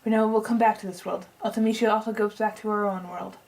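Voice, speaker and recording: A woman's voice: medium pitch, fairly even intonation, fast, creaky, a little mellow, lightly acted, poor audio. A woman reading out the lines of a pompous, eccentric male scientist as he lays out a long plan, with a half-tried put-on accent she keeps dropping. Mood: lecturing. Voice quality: tries a put-on accent and drops it. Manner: reads long exposition aloud. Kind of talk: reading game dialogue aloud.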